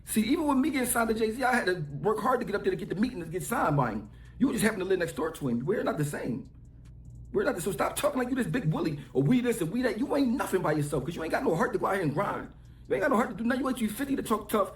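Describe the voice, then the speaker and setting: A man's voice: high-pitched, expressive, racing, roomy sound. A middle-aged man ranting heatedly, mocking and scolding someone in a played clip. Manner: mocking, scolding, trash-talking.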